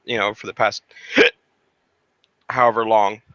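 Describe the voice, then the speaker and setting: A man with a bright, forceful tone talks casually and loosely, piling up fillers and restarts and swearing now and then. The sound is dull and lo-fi. It's dry, with no room echo. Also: lowish voice, little pitch movement, a little slow. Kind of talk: casual chat.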